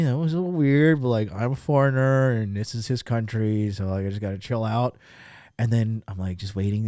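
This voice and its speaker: Male stream host, mid-pitched, crude and animated storyteller, dry close sound. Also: moderate pace, no echo. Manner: crude, animated, swears freely. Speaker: livestream host. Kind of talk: casual storytelling to live chat. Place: lived abroad in Japan.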